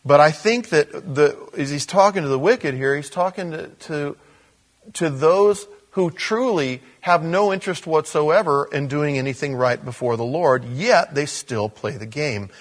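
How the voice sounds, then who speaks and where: Man, pastor preaching, husky voice, slightly higher pitch. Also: measured pace. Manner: conversational preaching, animated bursts. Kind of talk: sermon.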